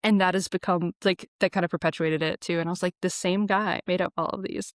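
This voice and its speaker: A young adult woman from Alabama hosting a podcast, talking chattily with lots of fillers and lively asides. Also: on the low side, quick pace, no room sound, clean studio sound. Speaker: podcast host. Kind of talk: casual conversation.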